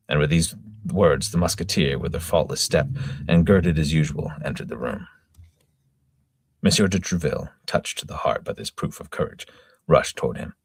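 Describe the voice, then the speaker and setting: A middle-aged man reads a classic novel aloud with a very deep, husky voice. His delivery is plain and steady, with occasional stumbles. The recording sounds close and dry. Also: moderate pace, dry recording. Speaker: reader. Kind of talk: amateur reading of a classic novel.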